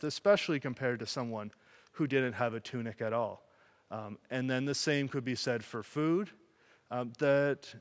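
A man preaching a sermon in an animated way, acting out voices as he tells a story. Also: medium pitch, in a large hall. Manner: animated, acts out quoted voices.

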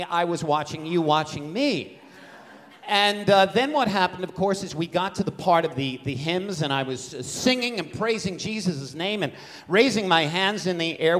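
A man in his fifties, from Brooklyn, preaching in a church with a slightly high voice. He tells his testimony with humor and calls out to the congregation. The sound is dry and close. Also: fairly bright tone, no room sound, poor audio. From Brooklyn, New York. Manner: humorous storytelling with call-outs to the congregation. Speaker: guest preacher. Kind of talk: sermon testimony. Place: church sanctuary.

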